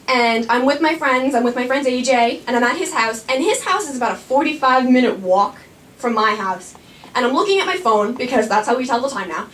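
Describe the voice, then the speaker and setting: A woman's voice: high voice, fairly bright tone, a little hiss or hum. A young woman telling a true personal story on stage in a chatty, self-mocking way. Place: small performing arts studio stage. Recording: echoey room from far off.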